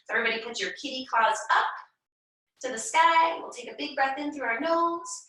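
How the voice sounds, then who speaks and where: A woman leading a children's yoga class, talking slowly and gently and encouraging the kids with chants and animal sounds. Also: high-pitched. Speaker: kids' yoga teacher. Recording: echoey room, mic far off.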